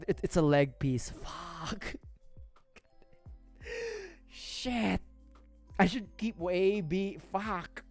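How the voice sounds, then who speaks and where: A man with a slightly high, mellow voice livestreams himself building a model kit. He rambles casually, mutters to himself as he works, and swears often, with faint music playing in the background.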